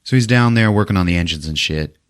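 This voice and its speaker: With a low, clean-sounding voice and a quick pace, a man on a podcast tells the story of a movie casually. He curses and performs the characters' lines in silly voices.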